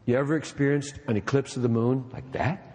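A man preaching a sermon to fellow preachers, emphatic and animated, dropping low when he reads quotations aloud. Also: brisk, long reverb tail, a little hiss or hum.

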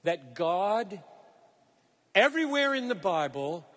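A man preaching a sermon, earnest and emphatic, slowing down to stress key phrases as he explains scripture. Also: sits high, sing-song, fairly bright tone. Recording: long hall reverb.

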